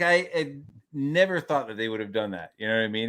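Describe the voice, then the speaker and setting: A man's voice: mid-range voice, expressive, quick pace, hardly any pauses, a bit bright. A middle-aged man co-hosting a casual talk show, telling rambling, profane stories with lots of fillers. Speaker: podcast co-host. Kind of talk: casual chat.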